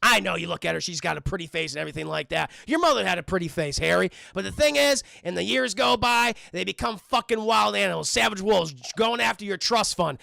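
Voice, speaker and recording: A man's voice: sits high, animated, brisk, gravelly, hardly any pauses, sharp tone, dry recording, full character voice. A man playing a domineering rich father who lectures his son with stern contempt. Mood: scornful. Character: cold domineering rich middle-aged father.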